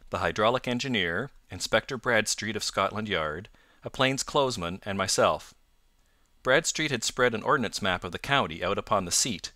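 A man narrating an audiobook in a steady, formal storytelling manner. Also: lowish voice, no echo. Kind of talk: scripted narration.

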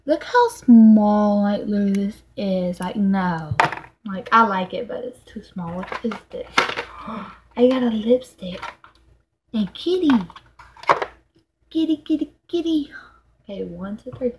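A woman's voice: mid-range voice, a little slow, noisy background. A young woman filming a casual unboxing vlog at home on a distant camera mic, exasperated and swearing, saying "like" constantly. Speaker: vlogger.

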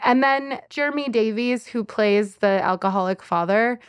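A woman's voice: on the high side, normal speed, clear, resonant tone, no echo. A woman co-hosting a podcast, chatting casually about a film with hesitant restarts and easy laughter. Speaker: podcast co-host. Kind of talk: casual film review chat.

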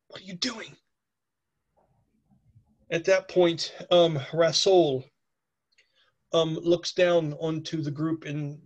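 A man's voice: a little high, highs cut off. A man with a cold narrating a tabletop game as game master in a chatty way. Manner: chatty, with many fillers and okays. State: has a cold.

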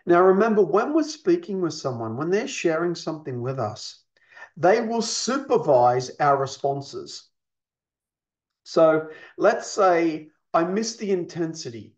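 A man's voice: fairly high pitch, sing-song, unhurried, highs cut off. A man teaching a counselling lesson in an explanatory way, often checking in with his listeners. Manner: explanatory, checks in with "you see?" and "okay?". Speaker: counselling instructor.

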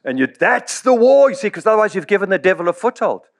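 A man's voice: high-pitched, sing-song, fast talker, creaky. Man, middle-aged, pastor, sermon, acts out quotes, chuckles often. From South Africa.

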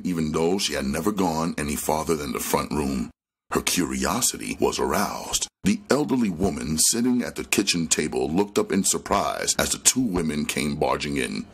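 A man reading a crime novel aloud with expressive storytelling narration. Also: very deep voice, husky. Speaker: audiobook reader.

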